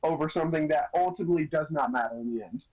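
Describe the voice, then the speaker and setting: A man's voice: on the high side, rapid-fire, a little mellow, muffled recording. A young man co-hosting a podcast, chatting loosely with lots of restarts and fillers. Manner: rambling, many restarts and "you know"s. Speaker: podcast co-host. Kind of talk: casual chat.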